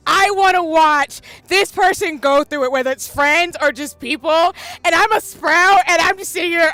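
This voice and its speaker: A woman's voice: very high-pitched, sharp tone, no echo. A woman game streamer reacting live, gushing and exclaiming while crying, with faint game music behind her.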